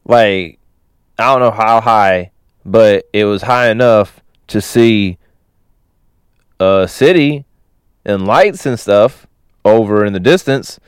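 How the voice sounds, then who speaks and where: A man's voice: lowish voice, takes it slowly, pauses often, clean tone, no room sound, clean studio sound. Rambling man retelling a story. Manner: rambling, many fillers, chuckling asides. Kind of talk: casual film plot retelling.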